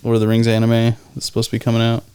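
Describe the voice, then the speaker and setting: A man's voice: mid-range voice, monotone, rapid-fire, warm tone, smooth, no echo. A young man co-hosting a podcast, chatting in an easygoing, enthusiastic way. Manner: easygoing, enthusiastic fan talk. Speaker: podcast co-host. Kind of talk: casual chat.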